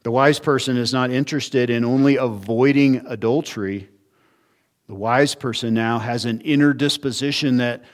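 A man preaching an expository sermon, sounding earnest as he works through the text. He asks rhetorical questions and answers them himself, pressing hard on some words and dropping low on others. His voice sits at an ordinary middle pitch for a man. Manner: earnest teaching, rhetorical questions, varied emphasis. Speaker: pastor.

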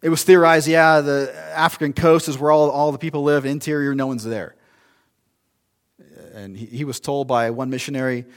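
A man's voice: mid-range voice, fairly even intonation, fairly quick. A male pastor preaching a sermon in a conversational, storytelling way, with asides and restarts.

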